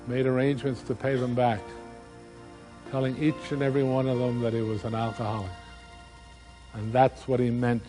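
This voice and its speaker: A man's voice: medium pitch, warm tone, natural voice, poor audio. An actor performing a one-man stage monologue as a recovering alcoholic man, telling his story earnestly and quoting the people in it.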